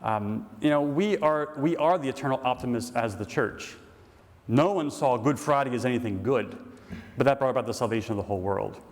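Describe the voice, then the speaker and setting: A middle-aged man serving as an Orthodox priest talks to a conference crowd in a relaxed, storytelling manner. He sits at a mid pitch and fills pauses with ums and uhs. A long hall reverb trails behind his voice. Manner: folksy storyteller, many fillers. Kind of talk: conference talk and Q&A.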